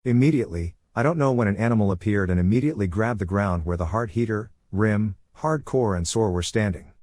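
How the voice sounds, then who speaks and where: A man narrating a comic story recap in a steady, even storytelling voice. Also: on the low side, fairly quick, no room sound, studio quality.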